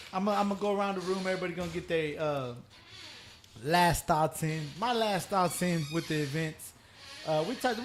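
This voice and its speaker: A man hosting a podcast in loud, slangy casual chat, swearing often. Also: fairly high pitch, slight background noise. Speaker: podcast host.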